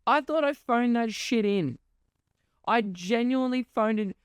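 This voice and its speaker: Young male host, exasperated sarcastic monologue, clean crisp delivery, dry booth sound. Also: extremely high pitch, a little slow, no room sound. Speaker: podcast host. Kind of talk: ranting monologue.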